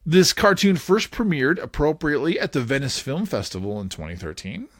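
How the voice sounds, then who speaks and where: A man hosting a casual podcast, talking in a playful, animated way and laughing often. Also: a little high, brisk, dry recording, clean studio sound. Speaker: podcast host.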